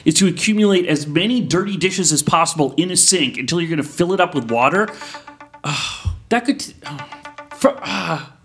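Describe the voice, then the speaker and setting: A man's voice: fairly high pitch, animated, normal speed, fairly bright tone, faint music behind. Dry, teasing podcast guy. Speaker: podcast co-host. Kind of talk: casual chat.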